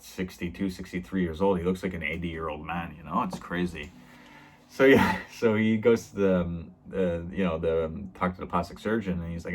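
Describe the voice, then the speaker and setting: A man hosting a review channel, casually recapping an episode with lots of fillers and loosely quoted dialogue. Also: sits low. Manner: rambling, lots of fillers, quotes characters loosely in his own voice.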